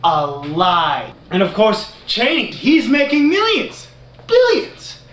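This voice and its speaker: A man's voice: high-pitched, wildly swooping pitch, slow, a bit bright. A man in a home comedy video, ranting angrily about politics. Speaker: family member in a home video. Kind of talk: comic rant imitating a relative. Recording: echoey room, from a distance.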